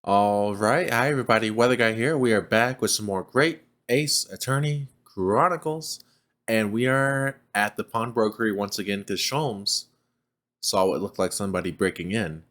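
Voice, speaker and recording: A man's voice: lowish voice, moderate pace, fairly bright tone. A man hosting a let's play, giving casual commentary, chatting along as he reads the game text aloud and laughs often.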